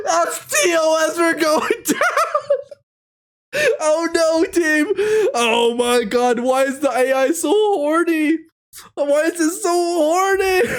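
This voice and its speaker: Young woman w/ a high bouncy voice, reads slow, giggles and shrieks reacting to an ai story. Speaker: streamer. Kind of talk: reading an AI story aloud with reactions.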